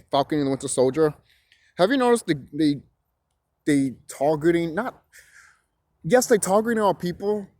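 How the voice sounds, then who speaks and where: A man's voice: fairly high pitch, darkish tone, no room sound. Rambling, profane young man. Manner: rambling, profane and emphatic, with restarts. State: shivering from the cold. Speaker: vlogger. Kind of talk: rambling casual monologue. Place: outdoors on a chilly hillside.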